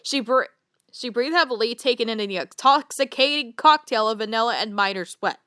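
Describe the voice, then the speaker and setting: A woman's voice: fairly high pitch, normal speed, fairly bright tone, smooth, no echo, clean studio sound. A woman reading a story aloud for laughs, stumbling over words and breaking into disbelieving reactions. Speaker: fanfiction reader. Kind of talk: comedic read-aloud with reactions.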